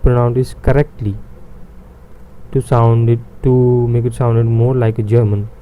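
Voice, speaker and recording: A man's voice: mid-range voice, flat delivery, measured pace, mellow, slight background noise, poor audio. A man teaching a beginner language lesson, repeating each sound several times with many fillers.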